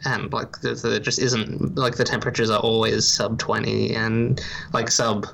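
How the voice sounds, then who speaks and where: A man's voice: lowish voice, little pitch movement, normal speed, gravelly, a bit bright, a little hiss or hum. A man from Ireland co-hosting a podcast in casual chat, dry and self-deprecating, reading a long story aloud. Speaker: podcast co-host.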